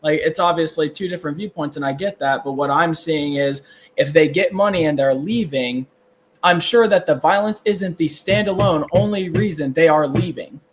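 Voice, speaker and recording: A man's voice: fairly high pitch, moderate pace, slight background noise. A man hosting a live stream, arguing in a chatty way and filling his talk with "like" and "right?". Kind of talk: casual heated debate.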